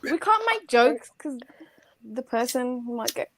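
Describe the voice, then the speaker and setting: High, lively, giggly woman. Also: measured pace, poor audio. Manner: giggly, teasing. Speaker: panelist. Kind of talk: casual live panel chat.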